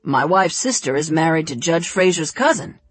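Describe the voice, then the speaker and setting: In an audiobook, a reserved middle-aged man talks in a low, measured, understated way, as a woman narrator puts him on. The recording is dry and close. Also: lively intonation, breathy edge, no echo. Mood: even.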